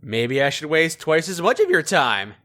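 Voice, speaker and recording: Sarcastic, animated male game commentator. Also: on the high side, moderate pace. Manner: sarcastic, joking, role-playing his character aloud. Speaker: gaming video host. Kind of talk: gameplay commentary.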